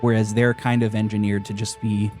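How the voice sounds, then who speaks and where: A man's voice: lowish voice, brisk, soft background music. A man hosting a podcast, retelling game scenes in a casual chat full of "uh" fillers. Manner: animated retelling, frequent "uh" fillers. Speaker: podcast host.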